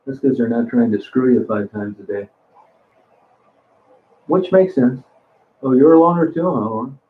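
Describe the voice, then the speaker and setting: A man's voice: medium pitch, moderate pace. Blunt crude guy chatting to his stream viewers, rambly, sounds like a phone line. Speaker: livestream host. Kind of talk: casual live chat reading comments.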